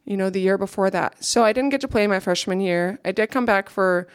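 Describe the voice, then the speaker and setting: A woman's voice: medium pitch, fairly quick, no room sound, studio quality. A young woman giving an earnest, reflective personal testimony to a gathering, now and then checking her notes.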